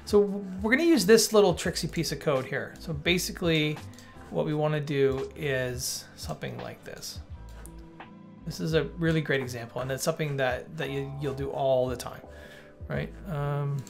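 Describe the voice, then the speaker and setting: Gravelly man thinking aloud while coding. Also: a little high, normal speed. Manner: thinking aloud, self-correcting, chatty asides to the viewer. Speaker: developer teaching coding on a livestream. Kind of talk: casual live coding walkthrough. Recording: light background music. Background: faint music.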